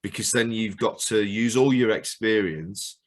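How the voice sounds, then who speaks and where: Male rock musician guest, low voice, laid-back self-deprecating humor, video-call audio. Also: unhurried. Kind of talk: casual chat.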